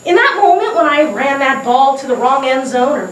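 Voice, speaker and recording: A woman telling a comic story about herself to an audience, animated and laughing, with bursts of shouting. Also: high-pitched, fairly quick. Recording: echoey room heard from a distance, noisy.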